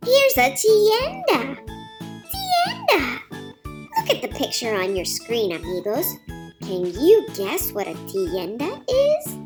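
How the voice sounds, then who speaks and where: A woman's voice: sits high, huge pitch swings, slow, full character voice. A woman voicing a cheerful young girl who teaches Spanish words to small children in an encouraging, sing-song way, with children's music behind. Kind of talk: children's bilingual lesson.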